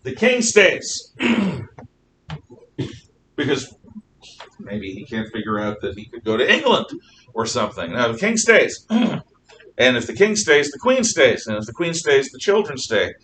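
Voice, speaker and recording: Animated male history teacher lecturing. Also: medium pitch, unhurried, long pauses. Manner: animated storytelling, frequent throat clearing. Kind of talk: classroom lecture. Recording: distant mic with faint noise.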